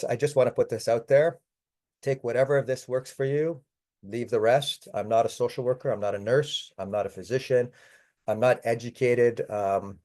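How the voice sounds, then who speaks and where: Warm, low-voiced man presenting. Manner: conversational, addresses audience as folks. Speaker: palliative care presenter. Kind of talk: online webinar talk.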